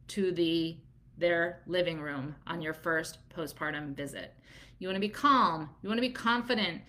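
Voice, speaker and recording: A woman doula and business coach who teaches to camera in a candid, animated way and laughs easily. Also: medium pitch.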